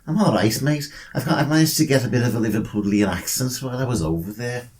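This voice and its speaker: A man's voice: medium pitch, expressive, fast, a little mellow, slight background noise. A man co-hosting a casual podcast, joking and bantering, calling listeners lads and mate. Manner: jokey, banter-heavy, says mate and lads. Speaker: podcast co-host. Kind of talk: casual chat.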